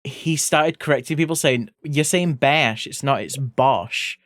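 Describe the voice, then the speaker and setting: A British streamer hosting a guest in casual live-stream chat, playful and quick to giggle. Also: medium pitch, dry recording, studio quality. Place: home streaming setup.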